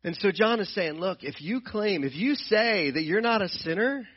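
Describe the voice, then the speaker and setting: A man's voice: high-pitched, animated, normal speed, slightly rough, muffled recording. A man teaching from the Bible in an earnest, explanatory way, often repeating and restarting his phrases. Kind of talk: sermon-style Bible teaching.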